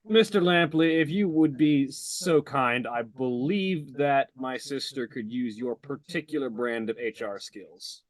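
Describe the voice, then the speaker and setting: A man's voice: mid-range voice, a little slow, few pauses, dry recording, lightly acted. A man voicing a protective male agent with a dry, clipped way of talking. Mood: formal.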